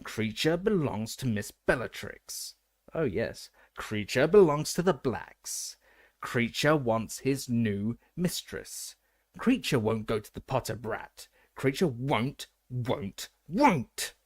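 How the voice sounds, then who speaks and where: A man voicing a spiteful, stubborn male house elf with a croaking voice that keeps chanting its refusals. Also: mid-range voice, big pitch swings, slow pace, no echo, clean studio sound. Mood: stubborn, wailing.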